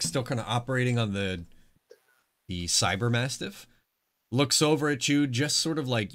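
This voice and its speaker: A man narrating a tabletop game as game master, in a relaxed style with casual filler. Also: medium pitch.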